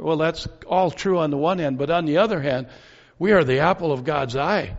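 A man's voice: on the high side, a little fast. A man preaching an expository sermon, earnest and reasoning, full of rhetorical questions. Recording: dull lo-fi sound with long hall reverb.

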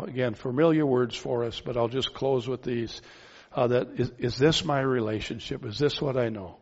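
A man preaching a sermon, earnest and pleading, asking the listeners many questions. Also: mid-range voice. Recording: dull sound with long hall reverb.

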